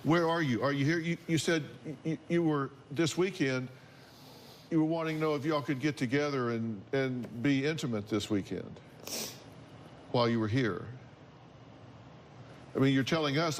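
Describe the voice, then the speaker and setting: A man hosting a talk show, questioning guests bluntly and with exasperation, slowing down to lecture. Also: mid-range voice, a little hiss or hum.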